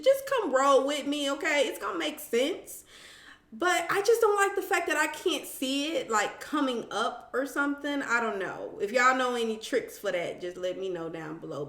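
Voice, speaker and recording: Sassy, chatty woman with a bright voice. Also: on the high side, echoey room. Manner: animated storytelling, acts out quotes, sassy asides. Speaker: reality TV recap host. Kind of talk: casual chat recap.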